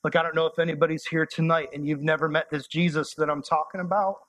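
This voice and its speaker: A young man preaching a sermon as a youth pastor, conversational and impassioned, sometimes dropping to soft, intimate tones. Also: fairly high pitch, little pitch movement, quick pace, no room sound.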